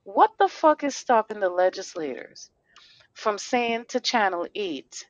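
A woman's voice: mid-range voice, big pitch swings, a little slow, no echo, highs cut off. A woman hosting a casual podcast, talking in a heated, blunt and profane way, firing off rhetorical questions. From Connecticut. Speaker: podcast host.

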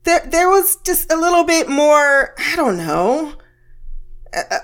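Woman ranting about a tv episode, kinda high voice, blunt and sweary, keeps laughing. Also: very animated, takes it slowly, a bit bright. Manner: blunt, profane, laughs often between remarks. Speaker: TV episode reviewer. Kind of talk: casual recap commentary.

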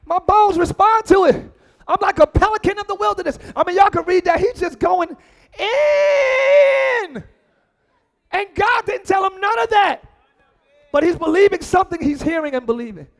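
A man preaching a lively sermon as pastor, acting out voices and shouting lines for emphasis. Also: extremely high pitch, normal speed.

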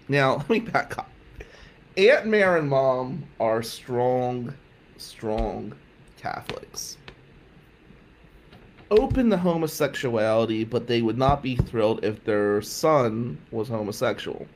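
A man telling a comic personal story, animated, cursing and laughing often. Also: medium pitch, vocal fry.

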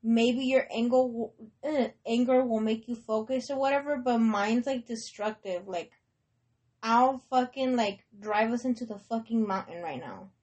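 A woman's voice: on the high side, normal speed, a little mellow. A young woman casually telling a personal story, rambling with lots of swearing and filler, dropping Spanish words into her English. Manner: rambling, heavy swearing, many likes and restarts. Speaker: podcast host.

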